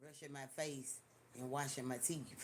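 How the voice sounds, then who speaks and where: An older person hosting a live stream, telling stories in an animated, profane way and talking straight to viewers. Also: medium pitch, measured pace, slight background noise. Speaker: livestream host. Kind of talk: casual live-stream storytelling.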